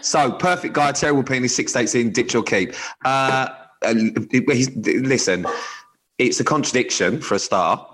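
A man's voice: mid-range voice, normal speed, fairly bright tone, faint music behind. A man co-hosting a podcast, rambling through advice in casual chat, swearing freely and restarting his sentences. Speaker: podcast co-host.

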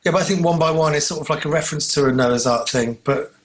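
A man co-hosting a podcast, telling rambling, animated stories in casual chat. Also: fairly high pitch, quick pace. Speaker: podcast co-host.

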